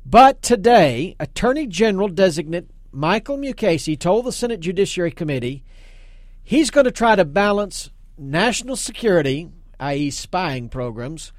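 A man hosting a talk radio show, taking callers and speaking briskly and emphatically. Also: high-pitched, big pitch swings, dry recording, studio quality. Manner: brisk, emphatic, takes calls.

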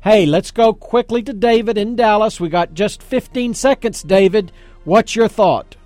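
A man hosting a talk radio show, taking callers and speaking briskly and emphatically. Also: sits high, a little mellow, no room sound, soft background music. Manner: brisk, emphatic, takes calls.

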